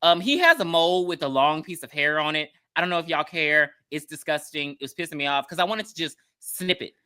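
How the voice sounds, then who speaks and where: A woman's voice: sits low, lively intonation, fairly quick, bright, forceful tone, smooth. A woman co-hosting a podcast, recapping a movie in casual chat with wry asides and laughs. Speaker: podcast co-host.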